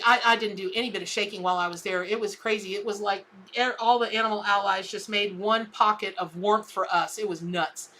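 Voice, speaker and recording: Bright-voiced chatty woman tarot reader. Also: medium pitch. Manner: chatty, warm-hearted and rambling, calls viewers by name. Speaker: tarot reader hosting a live stream. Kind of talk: live stream reading viewer comments.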